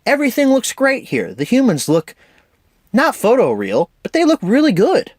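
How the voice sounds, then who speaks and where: A man's voice: extremely high pitch, huge pitch swings, moderate pace, no room sound, clean studio sound. A man giving an enthusiastic, opinionated casual film review as host of his own show.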